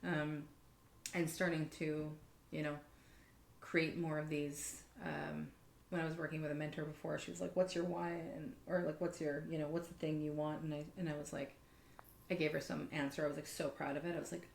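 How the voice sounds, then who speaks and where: A woman with a notably low voice chats on a podcast and tells stories with lively swearing and plenty of "like"s. The sound is roomy and echoey. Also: fairly quick, gravelly, a little hiss or hum. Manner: animated storyteller, swears freely, many fillers. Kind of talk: casual podcast conversation.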